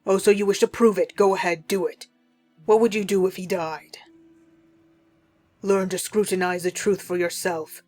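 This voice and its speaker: A woman's voice: medium pitch, steady tone, brisk, faint music behind, lightly acted. A woman voicing an indignant male spirit companion from a visual novel, speaking formally and scolding sharply.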